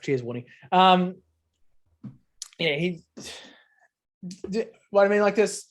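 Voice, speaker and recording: A man's voice: high voice, lively intonation, slow pace. A man co-hosting a casual podcast chat, rambling and sweary with lots of filler words. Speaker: podcast co-host. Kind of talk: casual chat over beers.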